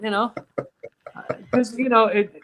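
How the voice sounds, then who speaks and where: A man's voice: sits high, little pitch movement, measured pace, background noise. A man talking as a guest guitarist in a casual chat, easygoing and laid-back, often dropping "man".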